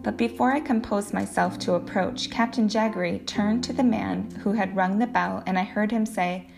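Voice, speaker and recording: A woman's voice: medium pitch, steady tone, creaky. Woman reading a novel over guitar. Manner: plain, measured reading with small slips and restarts. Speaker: audiobook reader. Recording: guitar music playing underneath.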